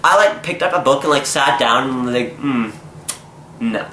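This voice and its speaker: A young man telling a story in a casual vlog, animated and exasperated, acting out what people said. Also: mid-range voice, a little fast. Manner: animated, exasperated, acts out quotes. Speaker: vlogger. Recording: echoey room, faint noise.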